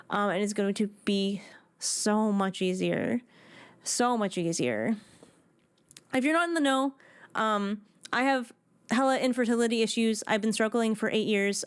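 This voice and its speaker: On a live game stream, an excitable woman in her thirties talks casually with her viewers, frequently starting sentences over. Her voice is mid-range, with a clean tone and no echo.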